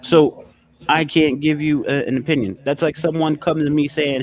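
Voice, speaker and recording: Guy talking casually, gets loud and animated, swears a lot, stumbles over repeated words. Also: a little high, moderate pace. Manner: animated, swears, acts out other people. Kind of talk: casual podcast chat.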